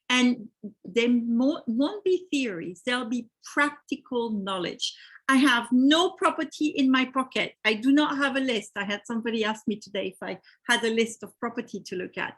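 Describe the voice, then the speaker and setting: Husky French-accented woman hosting a webinar. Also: fairly high pitch, a bit bright. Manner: chatty, reads out attendee names. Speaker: webinar host. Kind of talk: live webinar presentation.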